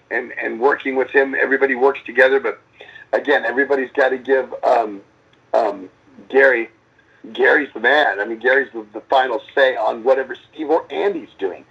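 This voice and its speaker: Middle-aged rock frontman, gravelly and rough, rambling and profane, muffled lo-fi call audio. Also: mid-range voice. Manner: rambling, profane, lots of restarts and acted-out quotes. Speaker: metal band frontman. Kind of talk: casual interview answers.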